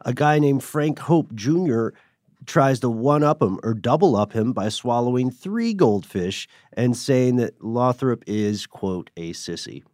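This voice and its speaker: A man's voice: medium pitch, expressive, unhurried, a little mellow, no echo, clean studio sound. A man co-hosting a podcast in casual chat, making wry, joking asides. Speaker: podcast co-host.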